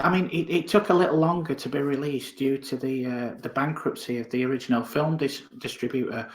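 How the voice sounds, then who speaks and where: A man hosting a podcast, asking a guest questions in a measured, slightly hesitant way. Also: medium pitch, fairly bright tone, reverberant. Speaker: podcast host. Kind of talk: interview questions.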